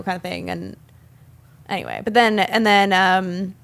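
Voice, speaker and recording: A young woman co-hosting a film podcast, retelling scenes in a chatty, animated way with many fillers. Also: lowish voice, normal speed, gravelly. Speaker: podcast co-host. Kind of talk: casual film discussion.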